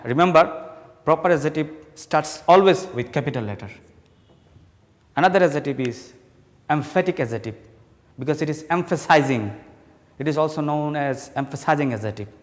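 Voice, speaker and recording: A man teaching an English grammar lesson to students, explaining slowly and with emphasis. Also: fairly high pitch. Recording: long hall reverb.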